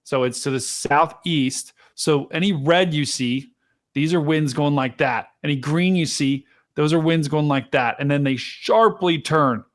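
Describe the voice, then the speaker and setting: A man hosting a live storm-tracking stream, chatting casually to his viewers and explaining radar, excitable and talkative. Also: on the high side, measured pace. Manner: excitable, chatty, talks to chat directly. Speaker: livestream weather host.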